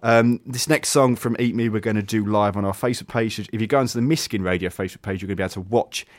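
Low-voiced English radio host. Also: male voice, quick pace. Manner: chatty, with many fillers and restarts. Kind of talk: casual radio chat.

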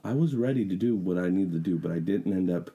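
Very dark, gravelly middle-aged man, sick. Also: sits low, highs cut off. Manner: halting, rambling storyteller. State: sick, coughing. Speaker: podcast co-host. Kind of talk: casual chat.

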